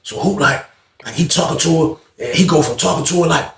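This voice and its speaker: Male storyteller, gravelly and animated, swearing freely, recorded in an echoey room. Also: a little high, a little fast, crowd noise. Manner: animated, profane, acts out other people's voices. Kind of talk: casual storytime monologue.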